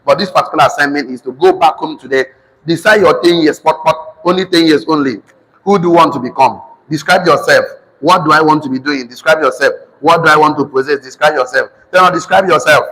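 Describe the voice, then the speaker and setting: A man with a Nigerian accent teaching a finance class, repeating each phrase slowly so students can write it down. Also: a little high, a bit bright, big-room sound, poor audio. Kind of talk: classroom lecture with dictation.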